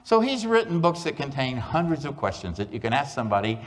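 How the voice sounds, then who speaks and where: A man gives a humorous keynote at a conference, spinning small-town jokes with deadpan timing. His voice sits in a middle register. A long hall reverb trails every line from the stage mic. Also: medium pitch, fast. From Oklahoma. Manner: folksy joke-telling with deadpan punchlines. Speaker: conference speaker.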